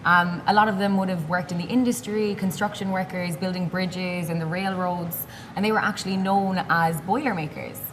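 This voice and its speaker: A woman's voice: fairly low pitch, fairly even intonation, moderate pace, in a large hall, noisy background. A woman from Ireland with an Irish accent, a brand representative explaining drink history and event details in a casual interview. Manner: informative, storytelling explanations.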